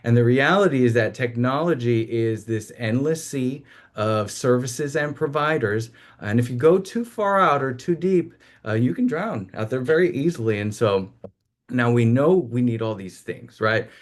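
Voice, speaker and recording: A man hosting a small business talk, speaking in a measured way with frequent fillers. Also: medium pitch, expressive. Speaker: host.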